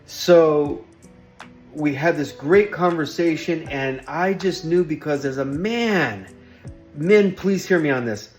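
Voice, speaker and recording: A man's voice: a little high, lively intonation, takes it slowly, soft background music. A man hosting his own vlog in an earnest, emphatic monologue, repeating himself and pleading with listeners. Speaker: vlogger hosting a workplace show.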